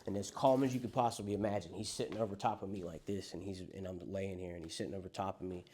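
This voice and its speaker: A young man with a low, steady, mellow voice speaks fast as he candidly tells a recovery group about his addiction and loss. His delivery is conversational and profane.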